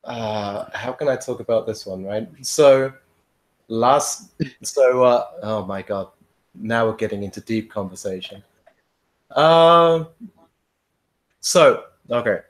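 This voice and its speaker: A man's voice: fairly low pitch, fairly even intonation, measured pace. A man in casual podcast chat, telling a long rambling story, swearing freely and laughing often. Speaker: podcast guest.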